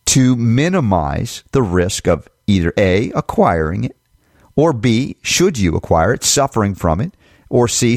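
A man hosting an opinionated talk-radio monologue, sarcastic and emphatic, firing off rhetorical questions and jumping into mocking high voices. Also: darkish tone, no room sound, clean studio sound. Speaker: talk show host.

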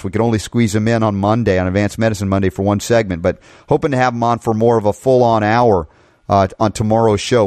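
A man's voice: mid-range voice, a little mellow, dry recording. Male talk radio host, fired-up monologue, dry close studio sound. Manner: impassioned, rhetorical questions.

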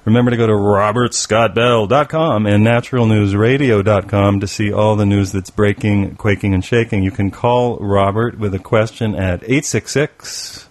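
Playful joking radio co-host man. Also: lowish voice. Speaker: guest co-host. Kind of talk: casual radio talk.

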